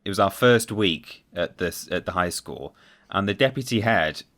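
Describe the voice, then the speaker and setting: A man with a fairly low voice tells loose, rambling stories on a casual podcast, often stopping to restart a sentence. He talks over a remote call setup. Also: lively intonation, moderate pace, a bit bright. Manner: rambling anecdotes with self-corrections. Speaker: podcast co-host. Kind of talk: casual chat. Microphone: remote call mic.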